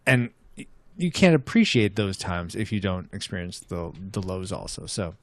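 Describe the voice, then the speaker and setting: A man's voice: sits low, big pitch swings, moderate pace. A man co-hosting a casual podcast, joking around and rambling with filler words. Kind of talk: casual chat.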